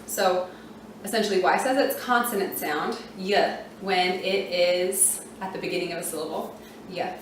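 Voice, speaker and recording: In a relaxed, chatty teaching explanation, a woman with a mid-range voice goes over reading rules, saying "um" and "you know" often and spelling letters out slowly. Her voice comes from a distance in a very echoey room, with a little hiss or hum.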